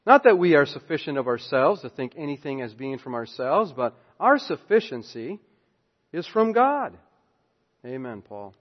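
Preaching man in an echoing hall. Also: a little high. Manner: emphatic preaching, swings between loud and hushed. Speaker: pastor. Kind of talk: sermon. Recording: dull sound with long hall reverb.

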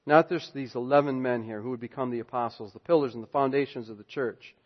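A man preaching a sermon as pastor, emphatic, swinging between loud declarations and hushed asides. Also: mid-range voice, fast talker. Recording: dull sound with long hall reverb.

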